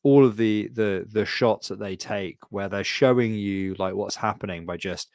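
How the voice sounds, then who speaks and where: A man's voice: fairly low pitch, normal speed, darkish tone, no room sound. A man co-hosting a podcast in casual chat, rambling with lots of "like" and swearing. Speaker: podcast co-host.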